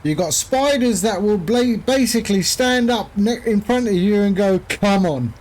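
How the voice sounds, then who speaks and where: A man's voice: high voice, normal speed, darkish tone. A man streaming a flight simulator, chatting casually and rambling with jokey asides to his viewers. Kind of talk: casual chat while flying a sim.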